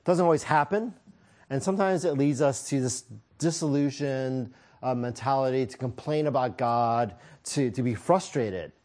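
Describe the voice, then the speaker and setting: A man's voice: medium pitch, moderate pace, darkish tone. A man preaching a sermon, telling a personal story with self-deprecating humor and frequent chuckles.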